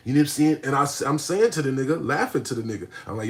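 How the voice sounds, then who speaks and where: A man ranting on a livestream, animated and profane, swinging between low mutters and shouting. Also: racing, hardly any pauses. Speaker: streamer. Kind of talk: livestream rant.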